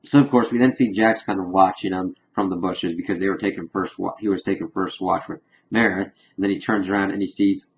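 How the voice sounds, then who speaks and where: Low-voiced man recapping a show, lo-fi. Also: fairly even intonation, quick pace, a little hiss or hum. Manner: retells scenes loosely with "he's like" quotes and fillers. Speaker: TV show reviewer. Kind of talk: casual spoiler recap review.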